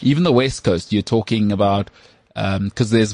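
A South African man co-hosting a sports podcast who works as a voice artist, talking in an animated, opinionated way. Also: fairly low pitch, normal speed, no echo. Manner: animated, opinionated, mimics accents. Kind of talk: casual chat.

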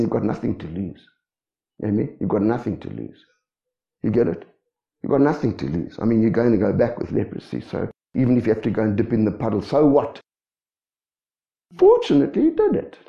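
A man preaching a sermon, asking the congregation rhetorical questions in a lively way. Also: mid-range voice, fast, creaky. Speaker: pastor. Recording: echoey dull room sound.

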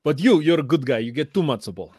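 A man puts on a thick Slovenian accent for a grandiose philosopher who delivers threats with mock menace. The voice sits a touch higher than a plain speaking voice and sounds a bit distant from the mic. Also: expressive, quick pace, a little mellow, slightly rough, no room sound. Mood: mock-menacing. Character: impression of a famous male Slovenian philosopher, theatrical, mock-menacing.

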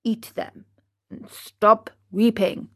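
Gentle old storybook father, calm and slow, read by a woman. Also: fairly high pitch. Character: kind, patient poor old man.

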